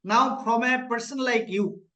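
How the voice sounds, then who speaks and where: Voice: medium pitch, unhurried, echoey room, crowd noise, rough recording. An interviewer who mostly offers brief agreeing interjections and short follow-up questions.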